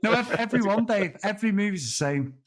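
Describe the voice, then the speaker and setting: A man's voice: high voice, expressive, fast talker. A man chatting casually about a film on a podcast, rambling and laughing, swearing freely.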